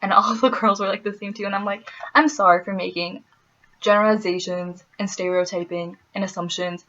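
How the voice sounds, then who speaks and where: A young woman from the US Midwest telling stories in a casual vlog, animated, laughing often and slipping in playful asides. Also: medium pitch, a little fast, highs cut off. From Wisconsin, US Midwest. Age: young adult. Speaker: vlogger.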